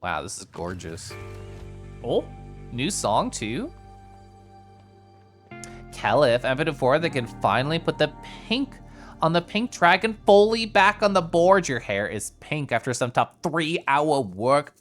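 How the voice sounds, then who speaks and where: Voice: mid-range voice, very animated, a little slow, fairly bright tone, soft background music. A streamer giving chatty, playful live commentary while playing a game and joking with chat.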